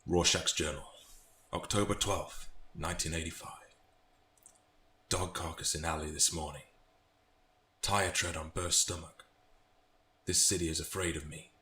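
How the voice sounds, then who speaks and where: A British man voicing a grim masked male vigilante reading his journal in a hushed, gravelly way. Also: deep voice, fairly even intonation, measured pace, pauses often. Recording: echoey room, faint noise.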